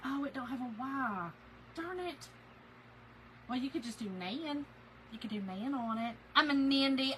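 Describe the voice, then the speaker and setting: Bright, gushing grandmother. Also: fairly high pitch, normal speed, slight background noise, rough recording. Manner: chatty, gushing, reads viewer comments. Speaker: craft live-stream host. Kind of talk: casual live-stream chat.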